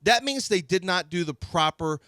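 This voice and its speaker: A male sports radio host on a heated rant, with indignant, rapid-fire complaints and frequent restarts. His voice sits a bit high for a man, and the sound is close and dry with no room around it. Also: lively intonation, bright, forceful tone, no echo. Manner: indignant, ranting, many restarts.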